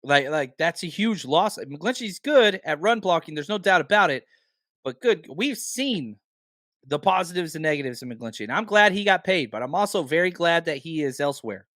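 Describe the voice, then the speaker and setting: A man hosting a casual sports podcast, animated and firing off rhetorical questions, a bit hoarse from talking a lot. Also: on the high side, moderate pace, dry recording, studio quality. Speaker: podcast host.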